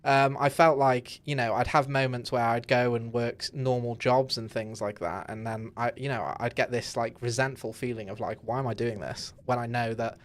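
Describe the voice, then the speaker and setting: A man's voice: medium pitch, fairly even intonation, moderate pace, few pauses. A young man streaming a game from his home setup, talking in a candid, rambling way with many fillers and restarts. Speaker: gaming streamer. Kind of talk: casual live-stream chat while playing.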